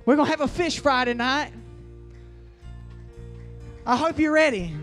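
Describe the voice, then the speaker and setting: A man delivers a fiery revival sermon in a strikingly high voice. He drives key lines loud, then draws others out slow and heavy. Faint music plays behind him. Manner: preaching with rising bursts and slow emphatic lines. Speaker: preacher.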